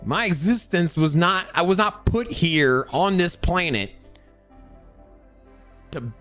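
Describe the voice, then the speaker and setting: A man hosting a crypto show, ranting in a casual motivational way, animated and full of repeated words, acting out other people's voices. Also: high voice, slow, soft background music. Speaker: crypto channel host.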